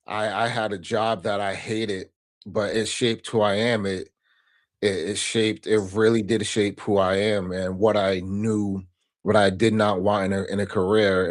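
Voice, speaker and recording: A man speaking as a podcast guest, earnest and reflective, often tagging his points with a questioning "right?". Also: fairly low pitch. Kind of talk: casual interview conversation.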